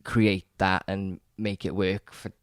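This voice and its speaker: Low-voiced male co-host, excited rambling chat, close and dry. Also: slow pace, smooth, dry recording. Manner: rambling, enthusiastic, frequent restarts and stammers. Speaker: podcast co-host. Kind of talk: casual chat about films.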